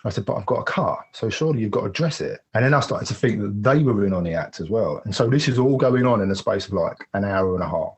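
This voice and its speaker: A man's voice: lowish voice, lively intonation, fast, few pauses, slightly rough. A man candidly telling a personal story as a podcast guest, rambling and acting out the voices of the people he quotes.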